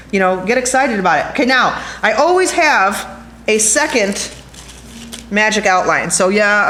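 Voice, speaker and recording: A woman teaching a glass jewelry craft, chatty and excitable, talking straight to her viewers as she works. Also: mid-range voice, slight background noise. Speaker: glass art instructor. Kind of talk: hands-on craft demonstration.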